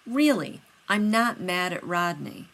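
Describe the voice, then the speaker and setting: A woman's voice: lowish voice, lively intonation, takes it slowly, a bit bright, full character voice. A woman reading aloud voices a flustered, defensive man who insists everything is fine. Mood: insistent. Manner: insistent, evasive.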